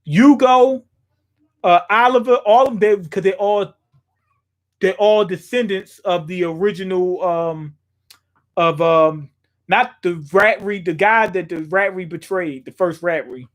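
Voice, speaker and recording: A man's voice: high-pitched, a little slow. A young man streaming from a small room at home, talking casually and profanely, thinking aloud with lots of fillers. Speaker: streamer reacting to a manga chapter. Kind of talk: casual live-stream chat.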